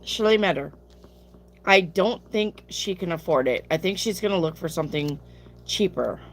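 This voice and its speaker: Brief: lower-voiced woman, sleepy live-stream tarot reader, blunt casual answers, faint hum behind. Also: animated, moderate pace. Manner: chatty, reads viewer questions aloud and answers bluntly. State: sleepy, yawning.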